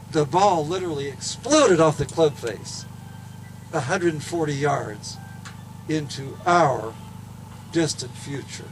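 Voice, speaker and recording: A folksy, humorous man with a somewhat high voice tells a story to a crowd outdoors. Faint noise from the open air sits under his words. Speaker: golfer and speaker. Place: outdoors at a golf event.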